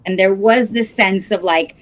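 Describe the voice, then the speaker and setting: A woman's voice: mid-range voice, moderate pace. Earnest woman guest, thoughtful interview talk. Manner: earnest, thoughtful, often says "you know". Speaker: actress and guest.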